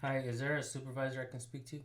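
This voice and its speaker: A man's voice: medium pitch, flat delivery, racing. A man hosting a citizen journalism channel, commenting casually and pressing a sheriff's station by phone. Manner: casual, rambling, filler-heavy.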